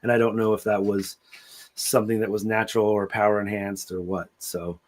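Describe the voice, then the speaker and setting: A man's voice: on the low side, level tone, brisk. A man co-hosting a podcast in casual chat, talking bluntly and cursing freely as he criticizes a TV episode. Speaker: podcast co-host.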